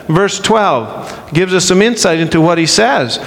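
Male preacher, slightly high voice, unhurried and emphatic, sermon in a reverberant hall. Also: animated, fairly bright tone. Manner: slow, emphatic delivery with acted-out quotes.

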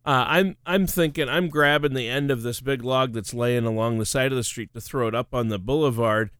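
A man's voice: mid-range voice, fairly quick, a bit bright, clean tone, dry recording. Chatty man co-hosting a talk show. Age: middle-aged. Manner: chatty storyteller, laughs often. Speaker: radio show co-host. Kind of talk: casual chat.

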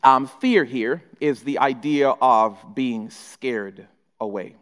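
A man's voice: medium pitch, slow, fairly bright tone, clean tone, in a large hall. A man preaching a sermon to his church, often speaking in the first person as Jesus. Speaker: pastor.

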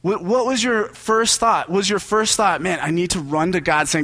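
A man's voice: high-pitched, unhurried, few pauses, bright, forceful tone. A young adult man, a pastor, giving a casual sermon built on personal stories, joking and conversational with lots of asides.

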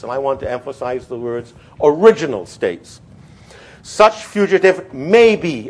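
Husky, halting male history lecturer. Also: medium pitch. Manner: halting, repeats words, stresses quoted terms. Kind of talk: classroom lecture.

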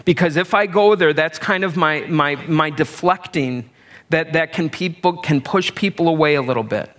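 A man's voice: a little high, normal speed, a bit bright. A middle-aged male pastor giving a conversational sermon, with self-deprecating humor and everyday examples.

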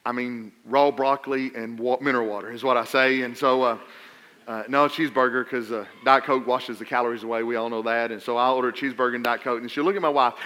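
A middle-aged man preaching a sermon, telling funny stories and swinging between loud emphasis and quiet asides. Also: medium pitch, steady tone, quick pace. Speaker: pastor.

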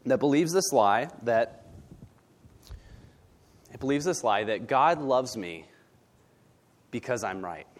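A man's voice: mid-range voice, expressive, slow pace, pauses often. A male pastor preaching a sermon in a blunt, conversational way, often asking "right?". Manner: blunt, conversational, tag questions.

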